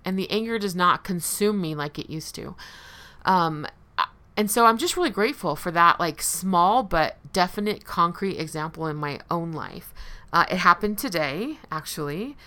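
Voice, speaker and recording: A woman with a slightly low, smooth and resonant voice speaks candidly to her listeners about recovery. She keeps it conversational and laughs lightly at herself now and then. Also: lively intonation, normal speed, pushed and bright. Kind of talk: personal recovery talk to listeners.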